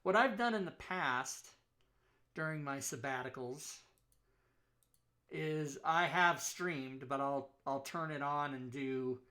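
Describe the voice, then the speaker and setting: A man's voice: a little high, slow pace, pushed and bright. A man hosting a casual livestream talk show, chatting loosely with his viewers, running raffles and rambling between jokes. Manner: loose, rambling, joking with chat.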